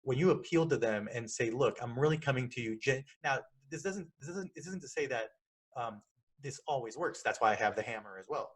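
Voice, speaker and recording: A man's voice: mid-range voice, fairly quick, slightly rough. A man hosting a casual podcast conversation, talking animatedly and persuasively, acting out phone calls as he argues his point. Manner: animated, acts out phone calls in quoted voices; persuasive, repeats points for emphasis. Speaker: podcast host.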